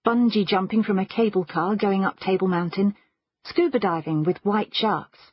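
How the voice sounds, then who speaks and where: A woman narrating a first-person audiobook thriller in a measured storytelling manner. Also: mid-range voice, husky, lo-fi sound.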